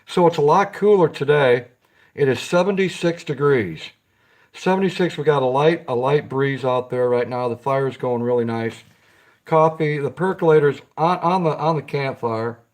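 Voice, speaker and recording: A man's voice: mid-range voice, normal speed, a little mellow. A man hosting a casual live stream, chatting with viewers, greeting them by name and giggling often.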